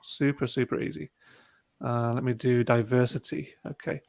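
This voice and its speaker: A man presenting an online webinar, calmly talking through each click of a teaching tool step by step. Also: mid-range voice, normal speed, creaky. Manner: relaxed, talks through clicks step by step with fillers. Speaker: presenter demonstrating a teaching platform. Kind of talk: casual online webinar demo. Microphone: video call.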